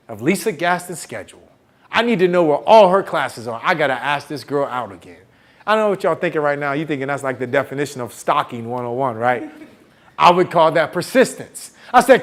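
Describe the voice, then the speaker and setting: A man's voice: on the high side, animated, fast. A man who is a motivational speaker, telling a story on stage to students. He acts out the voices of the people in it and calls on the crowd to answer back. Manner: calls out to the audience and gets them to answer back. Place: campus event hall.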